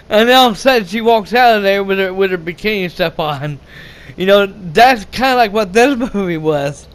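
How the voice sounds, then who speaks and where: Speaking at normal speed in a high, clean voice, a young man rants casually about a movie. He curses often, trips over his words and starts again, laughing and yelling quoted lines along the way.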